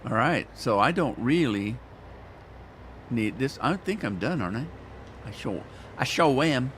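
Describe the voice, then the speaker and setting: A man's voice: mid-range voice, lively intonation, measured pace, fairly bright tone, slight background noise. A man hosting a gaming channel, chatting casually and rambling in a folksy way while he plays. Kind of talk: casual let's-play commentary.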